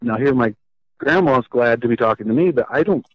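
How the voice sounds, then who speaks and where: A man earnestly telling his own life story as a podcast guest, halting and restarting as he goes. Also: medium pitch, expressive, no echo. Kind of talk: personal storytelling in an interview. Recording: slightly muffled, dull lo-fi sound.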